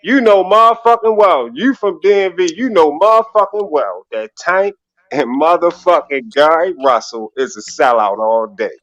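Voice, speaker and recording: A man with a Baltimore accent hosting a casual podcast chat, ranting in an animated, profane, excitable way. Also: fairly high pitch, normal speed, no room sound. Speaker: podcast host.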